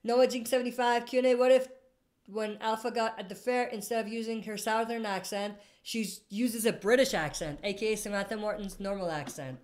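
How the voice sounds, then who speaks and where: A woman hosts a casual live stream, reading viewer comments aloud and answering them in a rambling way, often stopping to correct herself. Her voice sits on the high side with a darkish tone, and she talks fairly quickly with fairly even intonation.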